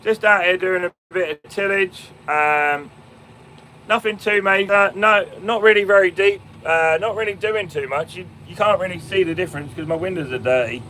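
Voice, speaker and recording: Here's a young man from the English Fens, talking on a live stream from a tractor cab in a field, the phone mic picking up slight background noise in a low-quality recording. His high-pitched voice is bright and forceful at a moderate pace. He's chatty and answers viewers, stumbling through ums and restarts and calling them mate and my man.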